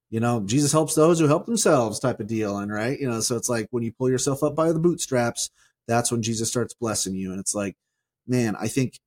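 Brief: joking male podcast co-host, mid-pitched, loose and chatty. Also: darkish tone. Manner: joking, chatty, lots of fillers. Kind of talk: casual podcast chat.

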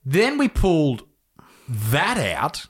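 A man's voice: on the high side, wildly swooping pitch, slow pace, husky. A man, telling a story in casual chat, swearing freely and laughing often.

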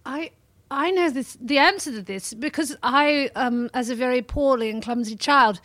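A woman's voice: high-pitched, normal speed, fairly bright tone, no echo. A woman playing the ghost of a polite little Edwardian boy, prim and sweetly earnest. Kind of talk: improvised comedy podcast. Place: live comedy venue.

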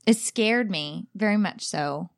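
A mother co-hosting a podcast, telling stories in a chatty, animated way and acting out the quotes. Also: medium pitch, takes it slowly, creaky. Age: adult mother. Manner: animated, comic storytelling with acted-out quotes. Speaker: podcast co-host. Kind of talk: casual chat.

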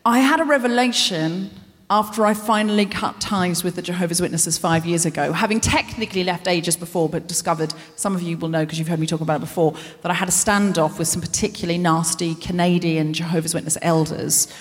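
A woman's voice: fairly low pitch, fairly even intonation, a little fast. A woman hosting a live comedy show, giving a self-deprecating stand-up monologue full of rambling asides, in a large concert hall before an audience. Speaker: host.

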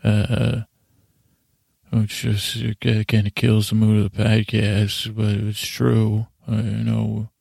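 A man hosting a sleep podcast, recapping a show in a meandering, halting way with deadpan asides. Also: lowish voice, vocal fry, no echo, clean studio sound. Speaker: podcast host.

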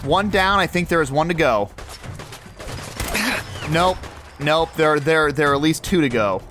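Male host, lively higher voice, chatty play-by-play of his own gaming. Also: a little slow, music in the background. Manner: excitable, narrates his every move aloud. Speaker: podcast host. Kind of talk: video game play-by-play commentary.

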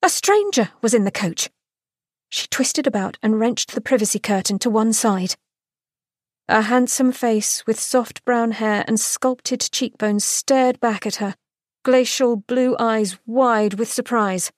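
A woman, a podcast co-host, reading an excerpt from a romance novel aloud in an expressive, dramatic way. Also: on the high side, a little slow, no echo, clean studio sound.

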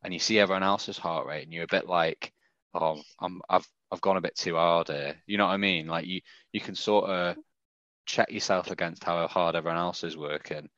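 Low-voiced dry man, dull sound. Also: steady tone, brisk, a bit bright, no room sound. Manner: dry self-mocking storyteller. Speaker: podcast co-host. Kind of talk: casual chat.

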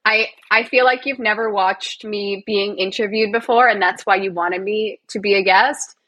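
A woman's voice: medium pitch, fairly even intonation, normal speed, fairly bright tone, lo-fi sound. A woman from Canada, a guest on an interview podcast, chatting in a bubbly, self-deprecating way and laughing often. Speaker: guest, physiotherapist and actor. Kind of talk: casual interview chat.

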